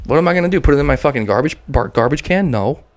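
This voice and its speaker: A man's voice: a little high, animated, rapid-fire. A man co-hosting a casual chat from home, telling loose stories with lots of swearing. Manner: loose storytelling, heavy swearing. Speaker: podcast co-host. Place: house with windows open.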